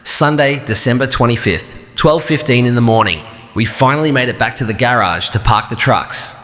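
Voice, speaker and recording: A man narrating a first-person story in a calm, even, measured way. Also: mid-range voice, in a large hall.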